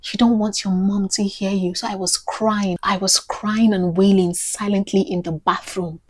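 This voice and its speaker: A woman's voice: medium pitch, fairly even intonation, normal speed, no echo. A woman earnestly telling a personal story on her vlog, often repeating phrases for emphasis.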